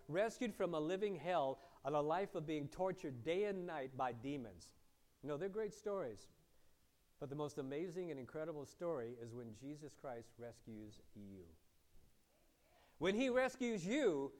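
Preaching to his flock, this pastor poses questions to the congregation and alternates between forceful, loud stresses and soft, low-voiced asides.

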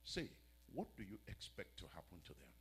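A male pastor preaching a sermon, swinging from quiet, drawn-out lines to loud, fervent shouting. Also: low voice, huge pitch swings, husky.

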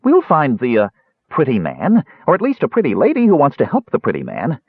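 A man voicing an excitable small male kender adventurer in a storybook reading, raising his voice high and sounding exasperated and pleading. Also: brisk, slightly rough, no room sound, full character voice. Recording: tinny phone-like sound.

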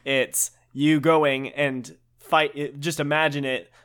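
A man's voice: a little high, little pitch movement, takes it slowly, fairly bright tone, clean tone. A man chatting as a guest on a casual review podcast, reflective and given to acting out silly quotes.

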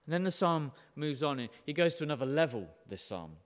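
A man preaching an animated, emphatic sermon, often putting questions to his listeners. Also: a little high, a little fast, big-room sound. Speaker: pastor.

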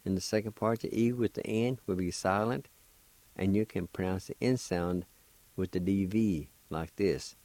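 A man's voice: low-pitched, moderate pace, darkish tone, no room sound. A man hosting a radio language lesson, spelling words letter by letter and patiently sounding out each syllable. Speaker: language teacher and radio host. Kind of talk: slow spelled-out pronunciation lesson.

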